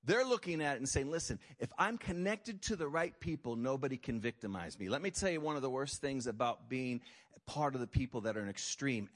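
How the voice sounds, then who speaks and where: Man preaching a lively, emphatic sermon. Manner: animated preaching, jumps to high mocking voices for effect. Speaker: pastor.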